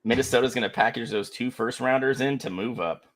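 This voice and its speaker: A man co-hosting a podcast in casual chat, telling stories in a crude, animated, profane way. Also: medium pitch, a little fast. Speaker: podcast co-host.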